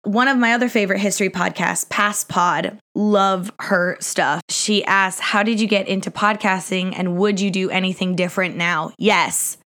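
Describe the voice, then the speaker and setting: A woman's voice: medium pitch, steady tone, moderate pace, few pauses, a bit bright. A young adult woman hosting a history podcast, answering listener questions in a casual, chatty way, laughing often and poking fun at herself. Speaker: podcast host. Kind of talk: casual Q&A chat.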